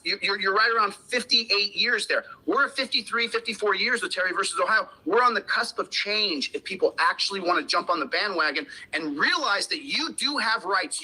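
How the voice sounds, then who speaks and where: An American man lectures with passion, stumbling and restarting as he presses his point. His voice sits high and very bright, with a husky edge. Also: rough recording. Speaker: commentator on a played clip. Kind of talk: impassioned talk on rights.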